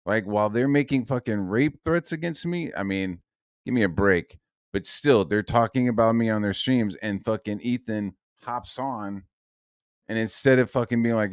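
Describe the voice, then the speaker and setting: A man's voice: medium pitch, unhurried, clear, resonant tone, no room sound, clean studio sound. A man streaming an angry, profane rant, constantly checking in with "right?" and "dude". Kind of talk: angry ranting stream monologue.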